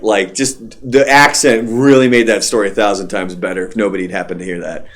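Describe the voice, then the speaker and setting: A man's voice: fairly low pitch, steady tone, brisk, few pauses. A young adult man, a radio host, telling stories in casual, profane chat. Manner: loose, profane storytelling.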